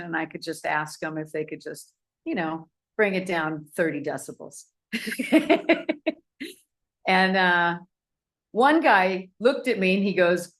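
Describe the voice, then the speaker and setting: A woman telling a personal anecdote to an audience, animated and acting out the people in it. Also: fairly low pitch. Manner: animated, acts out voices in anecdotes. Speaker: speaker. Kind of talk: storytelling talk to an audience.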